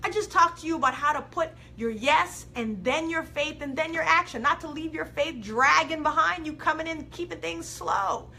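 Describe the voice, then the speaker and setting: A woman hosting a live inspirational video, preaching with big swings from loud to soft and reading viewer comments aloud. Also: high voice, normal speed, vocal fry, few pauses, a little hiss or hum. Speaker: host of a live faith and life coaching show.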